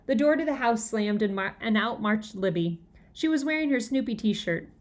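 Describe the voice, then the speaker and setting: A woman narrates a children's novel aloud. Her reading is lively and expressive. Her voice sits a bit high. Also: moderate pace. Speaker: audiobook reader.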